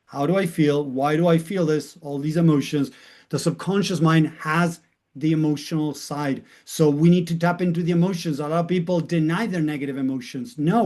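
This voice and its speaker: A man's voice: fairly high pitch, darkish tone. A middle-aged man, a life coach, telling a personal story in an earnest way and repeating words for emphasis.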